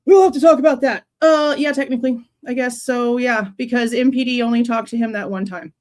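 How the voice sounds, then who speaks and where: A young woman with a high voice hosts a casual true crime livestream. She talks in a loose, chatty way and sounds exasperated. She keeps breaking off to greet viewers in the chat by name. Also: fairly even intonation, brisk, a little mellow. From Texas.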